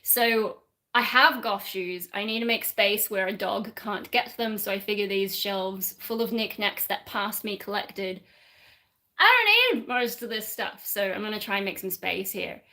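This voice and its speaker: A woman's voice: mid-range voice, fairly even intonation, moderate pace, bright, forceful tone, rough recording. An Australian woman in her twenties or thirties chatting casually on a live stream at home while she cleans, rambling and poking fun at herself. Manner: rambling, self-deprecating, swears and laughs mid-sentence. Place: home room with shelves, indoors.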